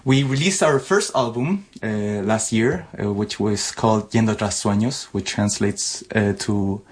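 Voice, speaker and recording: A man's voice: fairly low pitch, unhurried. A man from Latin America, a music producer, chatting casually as a guest and rambling with many fillers. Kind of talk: casual radio chat.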